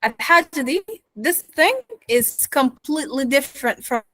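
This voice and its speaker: A woman gives an online pronunciation lesson, repeating words slowly and encouraging her students. Her voice sits a little high. The sound is dry and close. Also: fairly bright tone, no echo, rough recording. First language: Arabic. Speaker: accent teacher.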